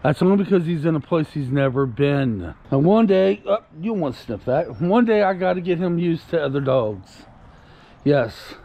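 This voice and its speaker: Man, high voice, gravelly, rambling casual vlog, outdoors on a walk. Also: lively intonation, normal speed, warm tone. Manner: rambling, repeats words, talks soothingly to his dog. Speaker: vlogger walking his puppy. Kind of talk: casual chat to camera.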